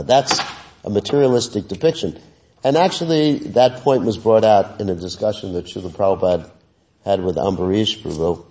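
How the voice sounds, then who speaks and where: A man giving a scripture class in a relaxed, conversational way, with many fillers, sometimes chanting Sanskrit verses. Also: lowish voice, a little hiss or hum. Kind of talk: sermon. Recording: voice heard from a distance.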